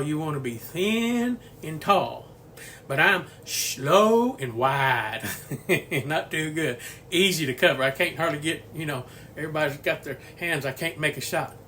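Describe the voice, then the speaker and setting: Man in his 60s, home cooking host, folksy rambling talker, bright tone, faint background noise. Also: on the high side. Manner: folksy rambling storyteller, chuckles often. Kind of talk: casual cooking video chat. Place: home kitchen.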